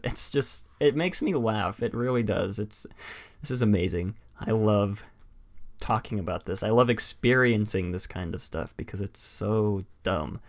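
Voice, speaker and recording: A man with a somewhat low voice hosts a casual live-stream chat. He rambles through his points with many fillers and restarts. He laughs easily as he goes. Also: a little slow. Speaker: stream host.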